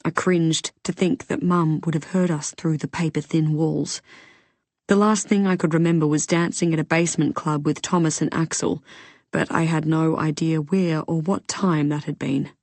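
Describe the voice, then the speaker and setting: Audiobook narrator: woman, low voice, expressive first-person reading, dry booth. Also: moderate pace, no room sound.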